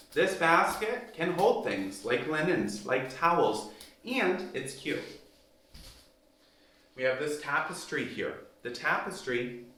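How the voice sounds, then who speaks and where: A man's voice: a little high, pushed and bright. A man hosting a casual house-tour vlog, talking straight to viewers in an emphatic, sassy way as he walks through the rooms of a house. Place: rooms of an emptyish house, indoors. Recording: roomy echoey rooms.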